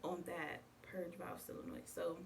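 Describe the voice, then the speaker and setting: A young woman's fairly low, unhurried voice barely moves in pitch as she chats with her viewers, telling a story and calling them y'all. She's a vlogger, recorded on a distant mic with some faint background noise.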